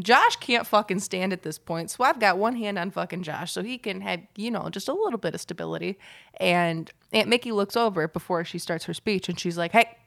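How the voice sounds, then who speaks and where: Young female co-host, gravelly edge, animated and profane storyteller. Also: lowish voice. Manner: animated, swears freely, laughs often. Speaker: podcast co-host. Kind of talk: casual storytelling chat.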